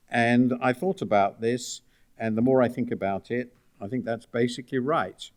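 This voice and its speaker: A man's voice: medium pitch, steady tone, moderate pace, a little mellow. An older man giving a book talk at a university, speaking with dry, ironic asides and frequent hesitations. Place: university lecture room.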